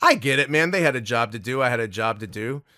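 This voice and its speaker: A man, a guest voice actor, telling a story in a casual interview, animated and swearing freely. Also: medium pitch, fast talker, a crowd in the background.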